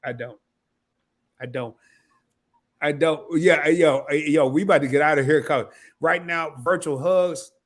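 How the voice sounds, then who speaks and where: A man's voice: a little high, a little slow, long pauses. A man hosting a casual live stream, talking loosely, repeating himself and breaking into laughter.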